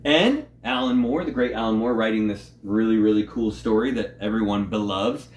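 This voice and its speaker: A man's voice: fairly low pitch, normal speed, roomy sound. A man co-hosting a casual comic book talk, enthusiastic and rambling, with frequent laughs. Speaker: co-host of a comic collecting show. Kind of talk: casual chat.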